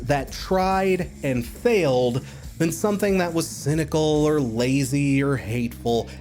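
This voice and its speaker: A man's voice: fairly high pitch, darkish tone. A man reviewing albums in a casual, blunt and profane monologue, rambling and joking. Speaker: music critic.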